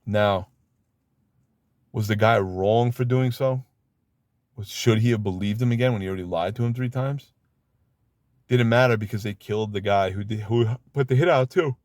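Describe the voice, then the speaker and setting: A man's voice: on the low side, normal speed, pauses often, a little mellow, dry recording, clean studio sound. A man who served time giving blunt, emphatic advice about prison life in a casual monologue. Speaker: former inmate giving advice.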